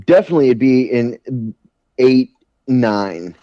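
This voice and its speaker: A man's voice: medium pitch, animated, slow, no room sound. A man co-hosting a podcast, reading out facts with hesitant fillers. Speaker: podcast co-host. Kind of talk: casual chat. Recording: dull, dry, slightly lo-fi sound.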